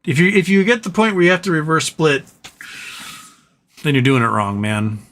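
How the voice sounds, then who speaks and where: Big pitch swings mark this man's slightly high, fairly bright voice as he talks at a moderate pace. He hosts a live stream, chatting casually and reading viewer comments aloud with a ranting, sarcastic and profane manner.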